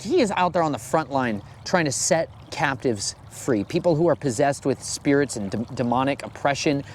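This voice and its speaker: A man reading scripture aloud and then commenting on it in a conversational, animated sermon style. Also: mid-range voice, a little hiss or hum. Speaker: Bible teacher.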